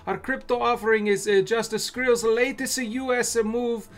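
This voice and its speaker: A man's voice: very high voice, steady tone, voice pushed up. A man doing a mock-Italian executive. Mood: pompous. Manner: halting, repeats words, misplaced articles. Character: self-important Italian male executive.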